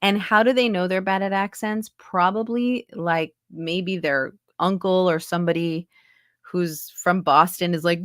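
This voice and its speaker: Recorded dry and studio-clean in her home booth, this accent and dialect coach and voice actor has a lowish, fairly bright voice and an unhurried pace. She talks casually in an interview, her explanations full of asides.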